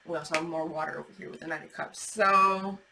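A woman giving a casual, chatty tarot reading, animated and swearing as she acts out imagined replies. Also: low-pitched, fast talker, vocal fry, background noise. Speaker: tarot reader.

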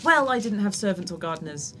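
Lively-voiced woman player, faint music behind. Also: medium pitch, fairly quick. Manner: friendly, searching for words. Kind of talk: casual tabletop game chat.

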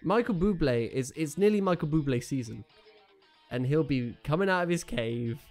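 A man's voice: a little high, lively intonation, moderate pace, a little mellow, soft background music. A young man commentating on his own football video game, joking, groaning and cheering at each play. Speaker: gaming YouTuber. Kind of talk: casual live game commentary.

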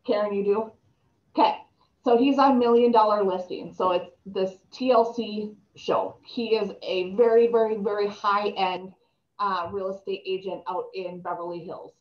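A woman's voice: mid-range voice, fairly even intonation, normal speed. Chatty woman in an echoey room. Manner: chatty, storytelling, many ums. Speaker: real estate trainer. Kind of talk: casual talk to a group. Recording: echoey room, dull lo-fi sound.

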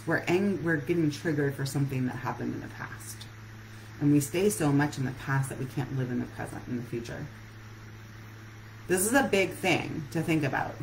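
A woman's voice: low voice, slight background noise, low-quality recording. A woman relationship coach giving an earnest live-streamed talk that puts many questions straight to her listeners.

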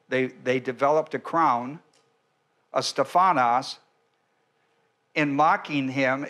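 A male pastor giving a verse-by-verse sermon, speaking deliberately, with frequent restarts and an occasional clearing of the throat. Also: mid-range voice, a bit bright.

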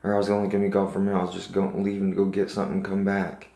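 A man with a fairly low voice recounts a dream in an earnest, rambling way, circling back with likes and restarts. The sound is roomy, with echo off the walls. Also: monotone, very fast, vocal fry, mellow. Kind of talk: casual personal storytelling.

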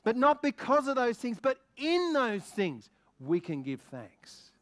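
A man preaching a sermon as a guest minister, excitable and lively, asking the congregation many questions. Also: very high-pitched. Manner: excitable, quickens when stirred.

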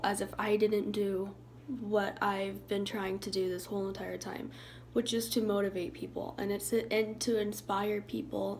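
A young woman talking to her viewers in a soft, halting way, sometimes dropping into a hushed, whispery voice. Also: mid-range voice, slight background noise, low-quality recording. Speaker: YouTuber. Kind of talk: emotional vlog talk to viewers.

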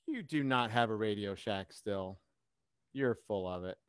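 A man's voice: lowish voice, lively intonation, unhurried, smooth, no room sound. Guy hosting a live chat, rambly and sarcastic, dry close sound. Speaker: host.

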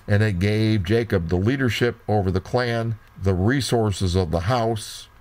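A man teaching a Bible lesson, reading old scripture slowly and deliberately, breaking off for brief remarks of his own. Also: lowish voice, a little mellow.

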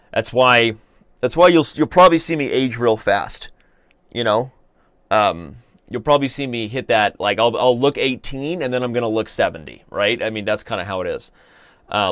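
A man's voice: mid-range voice, fairly bright tone, dry recording. A man in his thirties hosting a live stream, chatting casually and joking while he reads viewer comments aloud. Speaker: chess streamer host.

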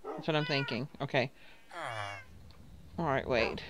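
A woman's voice: rumbling low, a little slow, noisy background. A woman casually talking through her gameplay, thinking aloud and reading out game text. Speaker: gaming video host.

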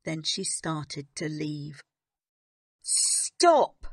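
A woman narrating a graded story for English learners in a calm, even reading. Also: lowish voice, slow pace, no echo, clean studio sound. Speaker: audiobook narrator.

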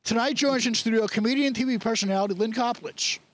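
A man's voice: very high-pitched, fast talker, no echo, low-quality recording. A man doing a comic weather report from a cold city street, stumbling and flustered over an earpiece. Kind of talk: comic live field report. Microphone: handheld mic with an earpiece.

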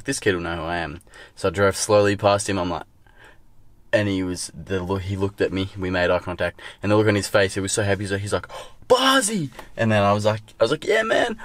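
A man's voice: low voice, dry recording. A young man with an Australian accent, talking casually to his camera at home and at a skate park, swearing freely and rambling. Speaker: vlogger and scooter rider. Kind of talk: casual vlog talk.

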